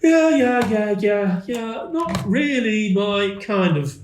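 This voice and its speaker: A man voicing a cheery, excitable male halfling tinkerer in a tabletop game, in a high, yelping voice. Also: slow pace, distant mic, a little hiss or hum. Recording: echoey room with faint music.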